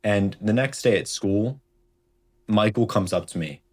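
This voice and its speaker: A young man with a very low voice tells a childhood story straight to camera. He rambles in a loose, casual way and keeps dropping "like" and "right?" into his sentences. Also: a little slow. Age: young adult. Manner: rambling, heavy on fillers like "like" and "right?". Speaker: storytime vlogger.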